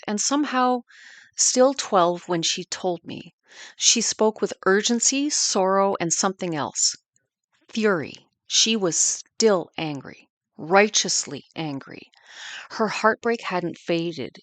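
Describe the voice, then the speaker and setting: A woman's voice: on the low side, no room sound. A woman in her fifties narrating a family war history in an earnest, reflective way. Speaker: podcast narrator.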